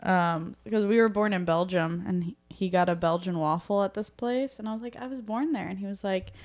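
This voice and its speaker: A young woman co-hosting a podcast, chatting casually with quick jokey asides and frequent laughter. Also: medium pitch, a little mellow. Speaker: podcast co-host.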